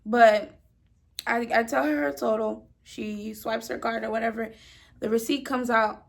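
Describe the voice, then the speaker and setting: A young woman in her twenties casually telling an animated story to her phone camera, with emphatic slang and repeated words. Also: on the high side, measured pace, vocal fry. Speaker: storyteller vlogger.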